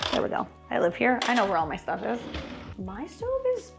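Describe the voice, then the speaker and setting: Chatty woman with a gravelly edge. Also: mid-range voice, big pitch swings, fairly quick, over music. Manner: chatty and wry, talking through each step. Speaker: cooking channel host. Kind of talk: casual cooking demonstration. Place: home kitchen at the stove.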